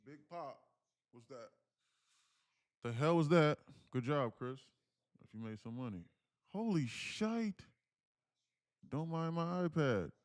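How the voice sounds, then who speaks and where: A man hosting a live day-trading stream, talking casually and reading chat messages aloud, with slang and the odd curse. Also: mid-range voice. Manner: animated, reads chat aloud, slangy and profane.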